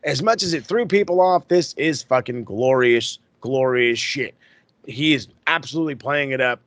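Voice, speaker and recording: A man hosting a podcast, recapping in a casual, excitable, profane way that rambles. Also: medium pitch, normal speed, dry recording. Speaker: podcast host.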